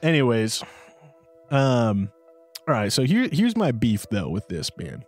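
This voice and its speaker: Young podcast co-host, lively slangy storyteller, light music bed. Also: male voice, mid-range voice, a little slow. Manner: animated, slangy storyteller who acts out quotes. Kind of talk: casual storytelling chat.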